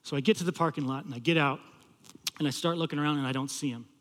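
A man preaching a sermon as a campus pastor, telling a story and swinging between loud pleading and hushed, low passages. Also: very fast, long reverb tail.

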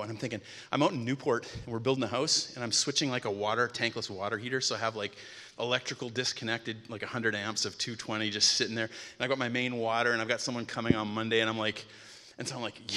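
A man's voice: medium pitch, fast, sharp tone. A middle-aged man giving a casual, story-filled sermon in a church, acting out his own lines with animation. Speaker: guest preacher, church bassist. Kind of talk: conversational sermon with anecdotes. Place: church sanctuary. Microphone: stage microphone. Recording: church hall reverb.

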